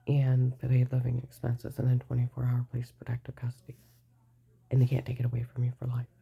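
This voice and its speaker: A woman's voice: very deep voice, completely flat delivery, a little fast, vocal fry, slightly rough, muffled recording. An older woman giving a rambling, agitated personal account, mostly in a whisper. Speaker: vlogger telling her story.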